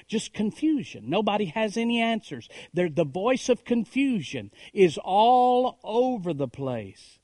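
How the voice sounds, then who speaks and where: A man's voice: high voice, big pitch swings, measured pace, hardly any pauses, no echo. Preaching man, dry close sound. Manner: preaching with repeated phrases and rhetorical questions; swings between hushed lines and raised emphatic calls. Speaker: pastor. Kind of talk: sermon. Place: church.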